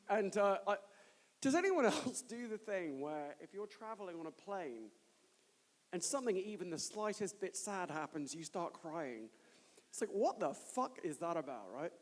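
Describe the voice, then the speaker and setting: A man hosting a live conference, introducing speakers while breaking into laughter. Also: high voice. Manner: giggly, keeps breaking into laughter. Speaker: conference host. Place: large hall with long reverb. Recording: live conference hall reverb.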